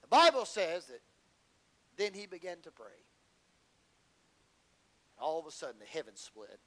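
A man preaching a sermon in a folksy, colloquial way, swinging from loud build-ups to low asides as he tells the story. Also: very animated, moderate pace, poor audio.

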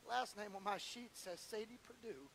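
A man preaching a sermon as pastor, in a conversational storytelling way that climbs louder and higher as he gets moved. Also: normal speed, creaky, slight background noise, low-quality recording. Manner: conversational storytelling, rising in pitch and volume as he grows emotional.

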